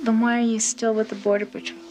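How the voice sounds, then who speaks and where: A woman's voice: fairly high pitch, flat delivery, fast, dark tone, faint music behind, lightly acted. An actress playing a curious young woman who asks short, probing questions. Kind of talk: film dialogue.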